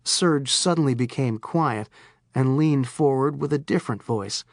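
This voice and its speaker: A woman narrating an audiobook in a low, deadpan delivery. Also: normal speed, no echo, studio quality. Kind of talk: scripted narration.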